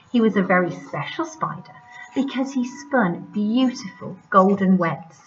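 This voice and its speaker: A female primary school teacher reading a storybook aloud to children in an expressive, sing-song manner, on a muffled recording. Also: medium pitch.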